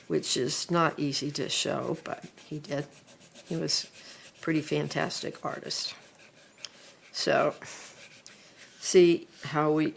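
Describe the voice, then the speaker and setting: Middle-aged woman art teacher: low, a bit gravelly, relaxed classroom chat while she draws. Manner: chatty, unhurried, thinks aloud while drawing. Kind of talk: drawing lesson talk.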